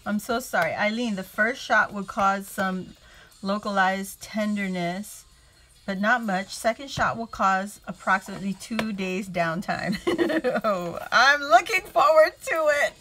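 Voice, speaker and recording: A woman's voice: mid-range voice, unhurried, sharp tone, a little hiss or hum. A woman hosting a casual crafting livestream from home, chatting, laughing often and greeting viewers by name.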